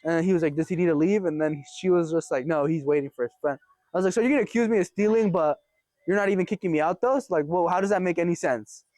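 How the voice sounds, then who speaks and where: High-voiced young man telling a story. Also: fast talker, dry recording. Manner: animated, swears a lot, laughs while telling. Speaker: vlogger. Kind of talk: casual storytelling chat.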